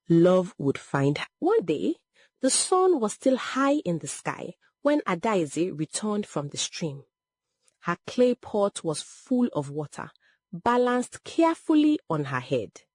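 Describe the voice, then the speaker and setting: Slow, husky woman storyteller. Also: mid-range voice, no echo. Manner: slow, expressive, emotional storytelling. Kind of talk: dramatic story narration.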